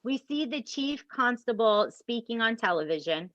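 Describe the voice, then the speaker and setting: A fairly high-voiced woman recaps a true-crime case for her co-hosts, swearing freely and leaning hard on her outrage. The sound is dry and a little dull, like a home podcast mic with the highs rolled off. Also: normal speed, dry recording. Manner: animated, profane, emphatic asides to co-hosts. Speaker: podcast host. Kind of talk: casual true-crime storytelling.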